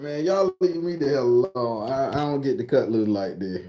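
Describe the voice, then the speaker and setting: A man from southern Florida, a spiritual reader hosting a casual live stream on his phone. He talks in a bawdy, joking, loud way. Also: medium pitch, animated, normal speed, few pauses. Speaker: spiritual reader and channel host.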